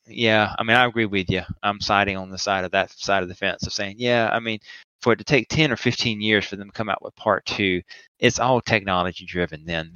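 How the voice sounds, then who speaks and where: A man's voice: sits low, sharp tone, clear, resonant tone, no room sound, dull audio. A man co-hosting a movie podcast who rambles in a joking way and acts out quotes. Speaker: podcast co-host. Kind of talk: casual chat, movie review.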